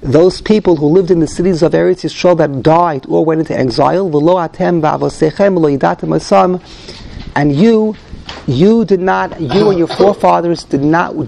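A man with a gravelly, slightly high voice leads a text study class. He reads Hebrew phrases aloud, then translates and explains them, openly thinking out loud as he goes. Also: moderate pace. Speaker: Torah class teacher.

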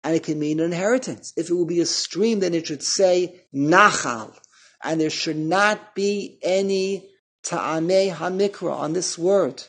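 A man's voice: high voice, normal speed, breathy edge. A man teaching a line-by-line text study. He reads passages with a pronunciation, explains them in English, and often stops to repeat words. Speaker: Torah teacher.

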